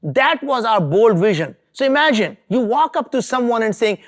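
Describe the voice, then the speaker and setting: A man's voice: very high voice, very animated, normal speed. A middle-aged man from India, giving an earnest, emphatic motivational talk as an entrepreneur. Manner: earnest, emphatic, repeats for stress. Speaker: entrepreneur speaker.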